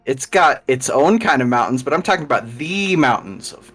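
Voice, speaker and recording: A man's voice: medium pitch, expressive, moderate pace, a bit bright, soft background music. A man from Colorado, playfully contrarian and teasing during casual chat at a game break. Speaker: tabletop game player.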